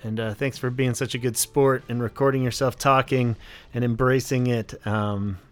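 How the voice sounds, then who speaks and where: A man's voice: mid-range voice, steady tone, normal speed. A man hosting a podcast, thanking a guest and chatting casually with many fillers. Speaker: podcast host.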